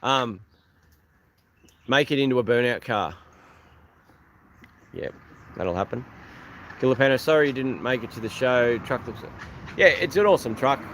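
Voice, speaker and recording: A man's voice: mid-range voice, lively intonation, normal speed, pauses often, a bit bright, a little hiss or hum. An Australian man chatting casually on a livestream outdoors, rambling and thanking viewers by name. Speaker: livestream host. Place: outdoors beside an old truck.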